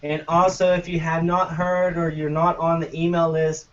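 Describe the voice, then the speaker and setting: A man's voice: on the high side, flat delivery, moderate pace. A man co-hosting a gaming podcast, ranting casually and profanely. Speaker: podcast co-host. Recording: muffled lo-fi, distant from mic.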